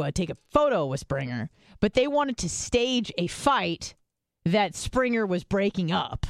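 A woman's voice: medium pitch, sing-song, unhurried, dry recording, clean studio sound. A woman co-hosting a podcast, telling stories in casual chat and rambling loosely with lots of filler words. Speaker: podcast co-host.

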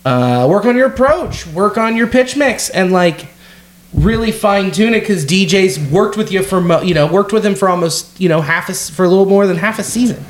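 Man, high voice, excitable sports chat, cusses a lot, echoey room. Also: moderate pace. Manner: excitable, swears freely, restarts phrases. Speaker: podcast co-host. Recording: roomy echo.

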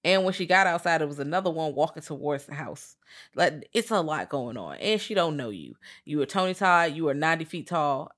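A woman co-hosting a podcast, retelling a movie scene by scene in a casual, profane, animated way. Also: deep voice, brisk. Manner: animated, profane storytelling with voiced quotes. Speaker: podcast co-host. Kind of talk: casual chat recapping a movie.

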